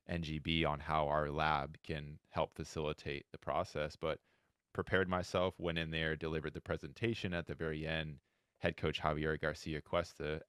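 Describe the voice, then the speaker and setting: A man from Florida with a very deep, resonant voice. He tells his coaching story at length, acting out the people he quotes. The recording is close and dry. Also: no room sound. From Florida, USA. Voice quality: very deep, smooth voice. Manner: animated storytelling, acts out quoted dialogue. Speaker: guest, wheelchair handball head coach. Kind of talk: podcast interview storytelling.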